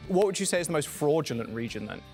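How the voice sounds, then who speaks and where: A man's voice: a little high, sing-song, fast talker, darkish tone, faint music behind. A man interviewing esports players, asking light joking questions in an upbeat way. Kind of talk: casual interview.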